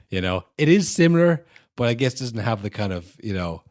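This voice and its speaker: A man's voice: medium pitch, big pitch swings, brisk, a little mellow, dry recording, clean studio sound. A young man co-hosting a podcast in casual chat, rambling with many "you know"s and acting out short exaggerated bits. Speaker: podcast co-host.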